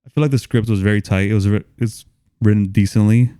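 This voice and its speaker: Laid-back man with a low, mellow voice. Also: steady tone, fast talker, smooth, dry recording, studio quality. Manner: laid-back, short agreeing replies. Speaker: podcast co-host. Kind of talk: casual movie review chat.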